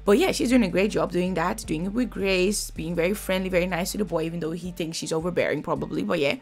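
Blunt chatty woman with a gravelly edge. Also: on the low side, fast talker, soft background music. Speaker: reality TV reviewer. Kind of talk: casual reaction commentary.

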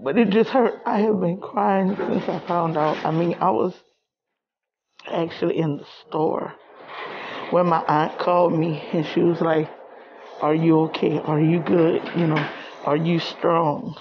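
Tearful gravelly-voiced woman. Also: fairly low pitch, steady tone, dull audio, background noise. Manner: tearful, halting, repeats herself. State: crying. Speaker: vlogger. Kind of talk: emotional personal vlog.

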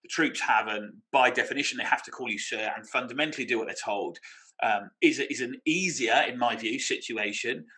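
A man's voice: mid-range voice, brisk, sharp tone, poor audio. A middle-aged British man co-hosting a podcast, telling stories with laughter and imitations. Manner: storytelling with laughs and mimicry. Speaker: podcast co-host. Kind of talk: casual anecdotal chat.

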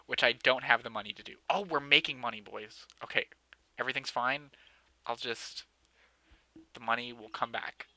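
Give me a bright, joking young man narrating his gameplay. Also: medium pitch, normal speed, dry recording. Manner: joking, sarcastic, self-mocking, often laughing. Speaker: gamer playing a city-building game. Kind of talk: casual let's-play commentary.

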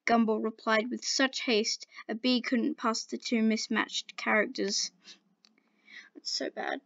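A woman's voice: a little high, level tone, measured pace, gravelly, fairly bright tone, dry recording. A woman casually reading fan fiction aloud, with playful, laughing asides, in a dull lo-fi home recording.

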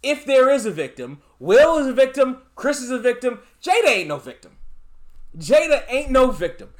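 Male vlogger with a very high, animated voice; emphatic, repetitive commentary. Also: normal speed. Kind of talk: casual commentary vlog.

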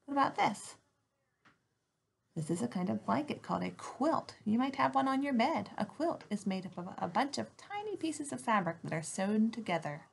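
A woman teacher giving a phonics lesson to young children from home, slowly and clearly modeling letter sounds in an animated, sing-song way. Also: on the high side.

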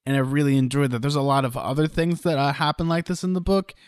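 A man's voice: fairly high pitch, fairly even intonation, quick pace, no room sound, clean studio sound. A young man co-hosting a podcast, chatting casually in a rambling way and now and then acting out lines. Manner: rambling, restarts, acts out lines. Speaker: podcast co-host. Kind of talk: casual chat.

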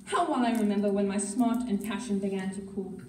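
A woman's voice: mid-range voice, fairly quick, slight background noise. Woman reading a story in an echoey hall. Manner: steady storytelling with occasional slips. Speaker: reader at a school assembly. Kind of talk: reading a novel aloud. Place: school assembly hall. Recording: echoey hall, mic far off.

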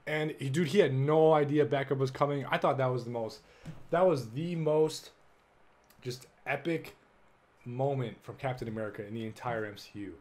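A young man hosting a casual solo podcast, excitable and full of swearing, jumping between loud bursts and low mumbles. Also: moderate pace. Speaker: podcast host.

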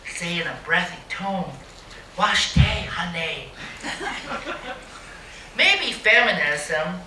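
A woman's voice: fairly low pitch, pushed and bright, a little hiss or hum. A woman giving a live poetry reading in a museum gallery, with a wry, mocking dry humor. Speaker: poet. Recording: roomy hall, mic at a distance.

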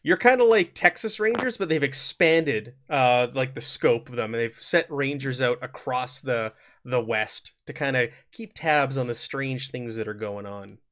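A man's voice: medium pitch, a little slow, a bit bright. A man hosting and narrating a tabletop role-playing session in an upbeat, chatty way. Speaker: game master.

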